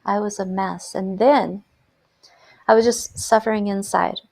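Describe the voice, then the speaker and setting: A woman's voice: mid-range voice, steady tone, measured pace, gravelly, darkish tone. A middle-aged woman telling her own story as host, earnest and reflective, with emphatic repetitions. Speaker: host, life coach and hypnotherapist. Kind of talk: personal storytelling to camera.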